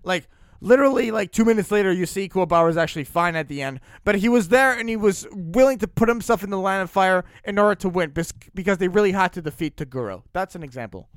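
High, smooth-voiced man chatting about anime. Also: animated, fast, no room sound, clean studio sound. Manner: rambling, restarts often. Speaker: podcast co-host. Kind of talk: casual chat about anime.

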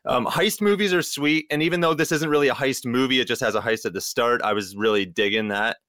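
A man's voice: mid-range voice, fairly quick, bright, forceful tone, no echo, studio quality. A man co-hosting a podcast, chatting casually and rambling with lots of fillers. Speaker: podcast co-host.

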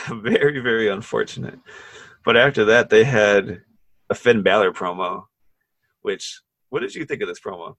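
A young man co-hosting a casual wrestling podcast, rambling excitedly and laughing often. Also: lowish voice, moderate pace, no room sound, low-quality recording. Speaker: podcast co-host.

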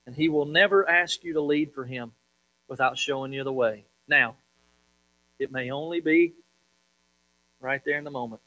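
Pastor guy, slightly high voice, punches words then drops way quiet, bit of hum behind. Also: normal speed, long pauses, poor audio. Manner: dramatic emphasis, swinging from loud to hushed. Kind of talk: sermon.

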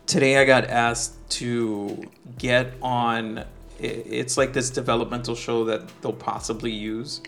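A man's voice: medium pitch, flat delivery, unhurried, fairly bright tone, faint music behind. A young man co-hosting a podcast in casual, joking chat, often trailing off and restarting. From Dominican heritage, New York. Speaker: podcast co-host.

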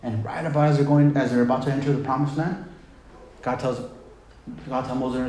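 A man's voice: mid-range voice, steady tone, a little fast, long pauses, warm tone, a little hiss or hum. Male pastor, middle-range voice, conversational sermon delivery, heavy hall echo. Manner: conversational, retelling scripture with emphasis. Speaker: preacher. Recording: very echoey hall.

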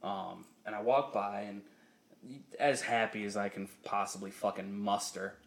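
Gravelly young man, profane podcast storyteller. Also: on the low side, a little slow. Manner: profane, laughing, animated storyteller. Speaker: podcast co-host. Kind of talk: casual storytelling chat.

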